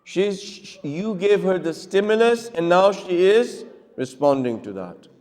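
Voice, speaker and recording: Male cleric-lecturer, fairly high voice, teaching tone, quizzes the room, echoing hall sound. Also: animated, measured pace, a little mellow. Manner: keeps checking with listeners, acts out little dialogues. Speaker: cleric giving a talk. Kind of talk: lecture with audience questions. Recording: long reverb of a hall.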